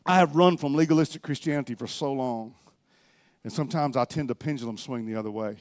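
A middle-aged man preaching a sermon as pastor, swinging between loud exhortation and quiet reflection. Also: mid-range voice, quick pace.

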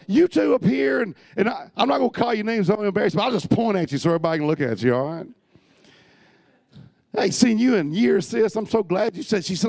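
A man preaching a sermon to his congregation, swinging from loud urging to soft, hushed storytelling. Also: high-pitched, gravelly, no room sound. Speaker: pastor. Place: church hall with a congregation.

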